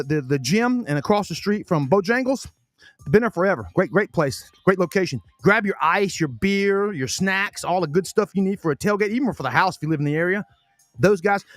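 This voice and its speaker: A man's voice: sits high, dry recording. A man hosting a casual sports podcast, talking in a rambling way, often repeating words and eating as he talks. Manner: chatty, repeats himself, talks with his mouth full. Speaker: podcast host.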